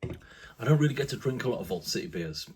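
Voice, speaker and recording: A man's voice: medium pitch, lively intonation, brisk, a little mellow, a little hiss or hum. A man casually reviewing a craft beer, chatty and rambling, with casual swearing.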